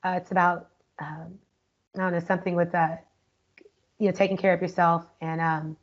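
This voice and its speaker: A woman's voice: lowish voice, normal speed, pitched below the performer's own voice, close to an everyday voice. Woman putting on a droning, bored presenter. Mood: bored, sleepy. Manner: droning, flat, hesitant with many fillers. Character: bored, listless woman presenter dragging through a talk. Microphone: video call. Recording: muffled lo-fi video call audio.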